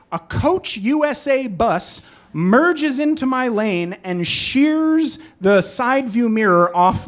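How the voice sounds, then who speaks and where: A man telling a personal story live on a club stage, animated and self-deprecating. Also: very high voice. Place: club stage in New York.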